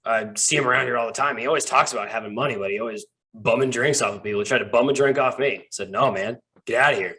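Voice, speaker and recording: A crude, offhand sailor lounging in a tavern, as a game master puts him on. He sits at a middle pitch and talks bluntly, like a regular who has seen it all. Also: fast, pushed and bright, natural voice. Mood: gossipy. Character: grumpy male sailor drinking in a tavern.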